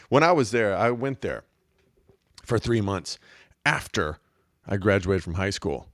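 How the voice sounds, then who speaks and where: A middle-aged man hosts a show, rambling through jokes in a casual monologue. His pitch swings widely as he talks. The recording is dry and close, with no room sound. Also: a little slow, pauses often, no echo. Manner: joking, rambling, animated. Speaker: podcast host.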